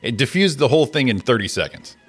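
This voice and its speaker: A man's voice: mid-range voice, very animated, quick pace, husky, faint music behind. A man co-hosting a morning talk show, telling stories in casual chat and acting out the quotes. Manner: storytelling, acts out quotes. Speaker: co-host.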